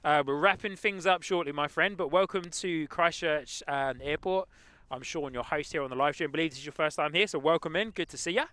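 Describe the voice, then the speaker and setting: A man with a London-tinged English accent, casually chatting as host of a live stream and reading out viewer comments, easygoing and quick to laugh. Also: a little high, bright, forceful tone, no echo. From England. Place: outdoors at an airport plane-spotting spot.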